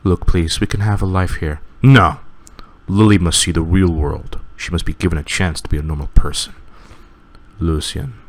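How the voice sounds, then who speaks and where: Man reading as a low-voiced, stubborn fantasy father, firm delivery. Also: fairly even intonation, moderate pace. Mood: desperate. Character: defiant protective father, adult man.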